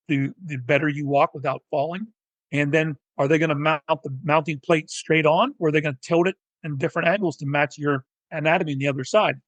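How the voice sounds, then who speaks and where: A man, a physical therapist and educator, telling his story in a technical, animated way as an interview guest. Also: on the high side, no echo, rough recording. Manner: technical, animated, acts out quoted dialogue. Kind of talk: conversational storytelling.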